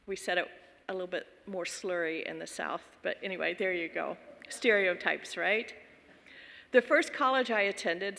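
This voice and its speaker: Bright-voiced Southern-raised woman minister. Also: medium pitch, big-room sound. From American South. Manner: folksy, chuckling asides. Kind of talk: sermon storytelling.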